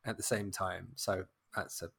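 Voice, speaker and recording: A man's voice: sits low, fairly even intonation, normal speed, vocal fry, a bit bright, breathy edge. A man hosting a podcast film quiz, talking casually and with some hesitation. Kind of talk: casual chat.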